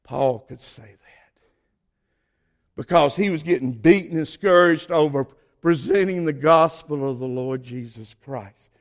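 A man's voice: on the high side, unhurried. A man with a Southern accent preaching a sermon as a pastor, folksy and fervent, stretching out words at his emphatic peaks. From Southern United States.

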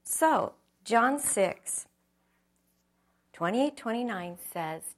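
Gravelly, earnest woman telling her testimony. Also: medium pitch, measured pace. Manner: earnest, reflective, storytelling with acted quotes. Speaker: speaker giving a testimony. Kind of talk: personal testimony talk.

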